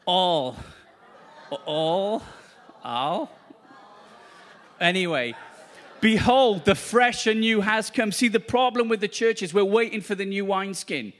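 Man, preacher, high voice, fervent, repetitive, exclaiming, charismatic sermon. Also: normal speed, a bit bright.

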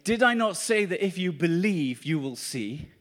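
A man's voice: high-pitched, animated, moderate pace. A man preaching a charismatic sermon at a church meeting, fervent and repetitive, exclaiming to the congregation.

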